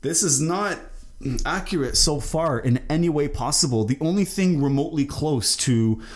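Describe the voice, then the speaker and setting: A Lebanese man hosting a casual reaction video, talking with many pauses, ums and restarts. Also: a little high, animated.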